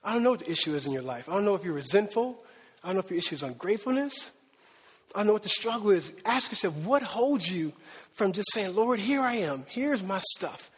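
High, husky-voiced man preaching. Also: lively intonation, fast, in a large hall. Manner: conversational preaching, rhetorical questions. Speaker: pastor. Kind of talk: sermon. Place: church sanctuary.

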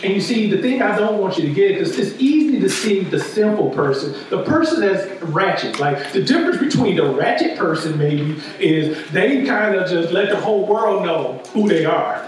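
Male pastor, high voice, chatty sermon delivery with constant check-ins; distant mic in a boomy sanctuary. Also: sing-song, moderate pace, few pauses, slight background noise. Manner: conversational preaching, frequent "right?" asides. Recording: echoey hall, distant mic.

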